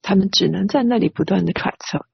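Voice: mid-range voice, fast, creaky, slightly rough, dry recording. An interpreter rendering a sermon phrase by phrase, hesitant with many filler sounds, on a dry, dull lo-fi recording.

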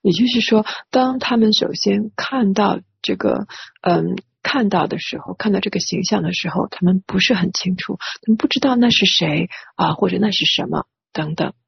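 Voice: medium pitch, normal speed, creaky, breathy edge, no room sound. An interpreter rendering a sermon phrase by phrase, hesitant with many filler sounds, on a dry, dull lo-fi recording.

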